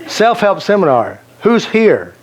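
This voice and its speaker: A man's voice: high voice, very animated, a little slow, a crowd in the background. A man teaching a self-help seminar, telling anecdotes and joking, asking the audience questions. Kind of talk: live seminar talk to an audience.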